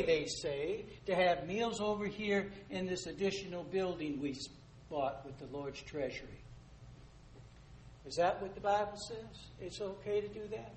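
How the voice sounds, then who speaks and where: A man preaching a sermon, emphatic and rising to loud rhetorical questions, addressing listeners as dear ones. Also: high voice, a little slow. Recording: echoey room, faint noise.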